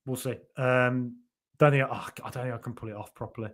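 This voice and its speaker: A man's voice: medium pitch, fairly even intonation, fast, fairly bright tone. A man hosting a football podcast live stream, chatting casually and reading out viewer comments in a rambling way with lots of fillers.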